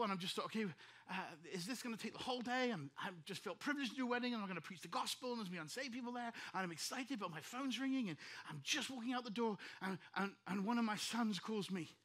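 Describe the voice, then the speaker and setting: A middle-aged man preaching as a pastor, telling a story animatedly and acting out rapid back-and-forth dialogue. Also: high-pitched, sharp tone. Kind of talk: storytelling sermon.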